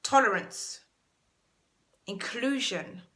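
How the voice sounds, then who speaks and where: A woman's voice: fairly high pitch, expressive, slow pace, sharp tone. A British woman hosting a self-help channel, giving an earnest motivational talk to camera and stressing key words by repeating them.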